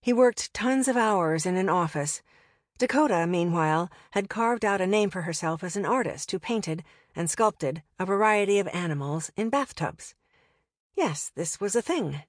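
A woman's voice: lowish voice, lively intonation, moderate pace, dry recording, clean studio sound. A woman narrating an audiobook in a wry, conversational way.

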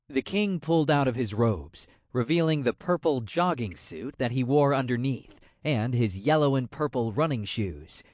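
A man narrating a fantasy audiobook in a measured, wry storytelling manner. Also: medium pitch, lively intonation, darkish tone, no echo, clean studio sound.

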